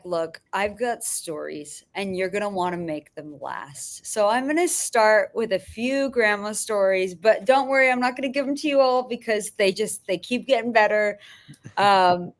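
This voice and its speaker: A woman filmmaker guest on a podcast, telling profane, rambling anecdotes and often laughing. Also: medium pitch. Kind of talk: casual storytelling.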